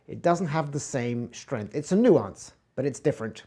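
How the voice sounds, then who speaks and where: Expressive man coaching on voice. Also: normal speed, hardly any pauses, husky. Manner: demonstrates tone shifts, swinging between loud bright emphasis and soft low murmurs. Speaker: communication coach. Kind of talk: instructional talk from an online course.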